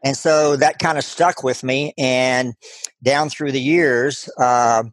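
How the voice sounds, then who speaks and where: A middle-aged man with a Texan accent, earnestly telling a personal story as an interview guest, halting and restarting often. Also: mid-range voice, fairly even intonation, dry recording.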